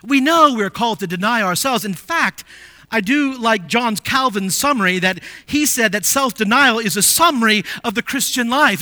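A male pastor with a high, bright voice preaches a sermon, rising to emphatic declarations and then dropping to quiet asides. He keeps asking the congregation rhetorical questions. The recording is dry and close. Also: no room sound.

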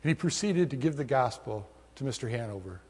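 Husky preacher in a reverberant hall. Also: male voice, mid-range voice, lively intonation, fairly quick, a little mellow. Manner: storytelling, earnest preaching. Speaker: pastor. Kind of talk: sermon.

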